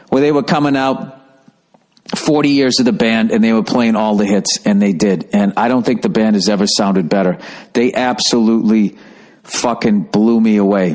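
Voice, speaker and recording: A middle-aged man talking in a rambling, excitable way on a casual podcast monologue, swearing freely. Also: lowish voice. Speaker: podcast host.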